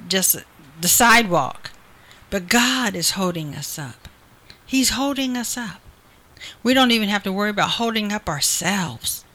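A woman's voice: fairly low pitch, bright, forceful tone. A woman preaching a sermon, earnest and repetitive, building emphasis through quoted promises.

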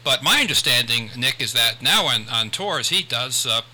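A man's voice: medium pitch, expressive, normal speed, bright, forceful tone, rough recording. An older man hosting a radio talk show, chatting in a rambling way with many restarts. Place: radio studio.

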